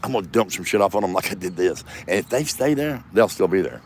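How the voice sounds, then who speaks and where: A man's voice: sits low, lively intonation, fast talker. 50s guy rambling and cussing at the camera in his front yard, jumpy up and down voice, cars going by faintly. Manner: rambling, profane, self-mocking. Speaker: comedian vlogger. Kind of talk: rambling solo vlog. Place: front yard by a road, outdoors. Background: passing traffic.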